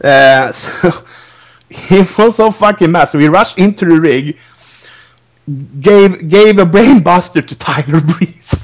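A man's voice: sits high, expressive, slow. Giggly rambling man recapping. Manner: rambling, laughs often, many restarts. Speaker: podcast host. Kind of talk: casual wrestling recap chat.

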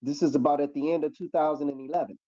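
A man's voice: fairly high pitch, steady tone, rapid-fire, warm tone, no room sound, highs cut off. A man giving a spoken faith testimony as a radio show host, preaching and repeating words when moved.

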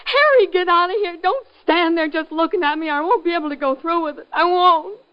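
A woman playing a sick, desperate young chorus girl and mother in a 1950s radio drama, hushed and pleading, on a muffled old broadcast. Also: very high voice, brisk, dry recording. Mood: pleading, strained.

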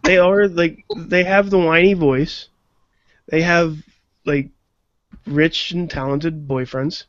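A man co-hosting a casual wrestling podcast, relaxed and joking, stammering as he starts. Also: on the high side, slow, pauses often, no echo. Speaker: podcast co-host. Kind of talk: casual chat. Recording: muffled lo-fi audio.

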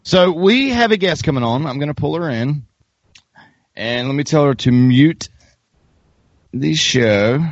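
A Southern American man hosts a casual podcast chat, and his voice bounces widely in pitch as he laughs through his stories. The sound is dry and dull, like lo-fi call audio. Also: measured pace, pauses often, no echo. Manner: lively, laughing storyteller. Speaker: podcast host.

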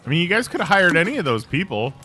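A man co-hosting a podcast, giving casual movie commentary over the film with lively reactions and laughs. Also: high-pitched, very fast, faint music behind. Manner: animated, laughing, swearing casually. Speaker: podcast co-host. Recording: movie audio playing behind.

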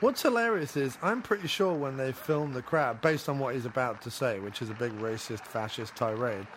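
A man's voice: mid-range voice, normal speed, a bit bright, some chatter behind, a little hiss or hum. Joking man riffing on a movie. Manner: mocking, joking, slips into silly impressions. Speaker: podcast co-host. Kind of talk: casual movie commentary.

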